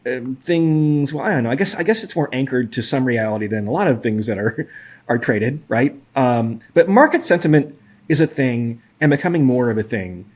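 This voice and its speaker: A man's voice: mid-range voice, animated, normal speed. A man in his forties co-hosting a podcast, talking through data in a casual, hedging way with lots of fillers and a wry edge. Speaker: podcast co-host. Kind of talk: casual analytical chat.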